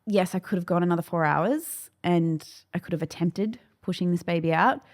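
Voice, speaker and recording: A woman's voice: fairly low pitch, normal speed, darkish tone. A woman, a podcast guest, telling a candid and emotional personal story and acting out the voices of the people in it. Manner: emotional, acts out quoted dialogue. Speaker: podcast guest, clinical nutritionist.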